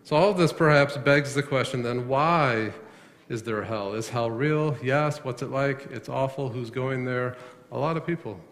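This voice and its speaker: Male pastor, mid-pitched, preaching with rhetorical questions and repeated words, in a reverberant sanctuary. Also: moderate pace, a bit bright, a little hiss or hum. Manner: asks questions and answers them himself, repeats words when emphatic. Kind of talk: sermon. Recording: long echo of a large hall.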